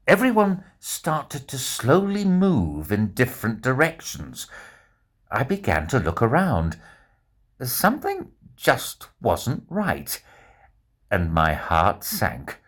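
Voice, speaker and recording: Man reading a kids adventure story, slow and super sing-songy, really expressive. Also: medium pitch. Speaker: storyteller narrating as a bear character. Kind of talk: children's story narration.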